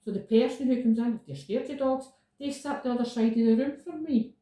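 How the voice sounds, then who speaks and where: A woman's voice: fairly high pitch, brisk, mellow, far from the mic. A woman in casual chat as a podcast host, stating her points firmly and repeating them for emphasis. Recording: echoey room, voice from off the mic.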